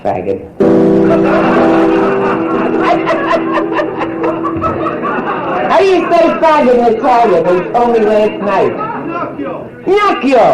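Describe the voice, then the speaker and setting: Brassy older woman doing bawdy stand-up. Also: fairly low pitch. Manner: brassy, teasing banter with the crowd. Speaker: stand-up comedian. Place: nightclub stage. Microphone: handheld steel mic. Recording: roomy live club recording with audience.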